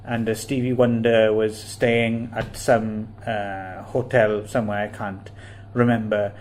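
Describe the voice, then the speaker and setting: A man's voice: on the low side, little pitch movement, unhurried, darkish tone, a little hiss or hum. A man co-hosting a casual podcast, with dry, teasing and sceptical banter. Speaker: podcast co-host. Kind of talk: casual chat.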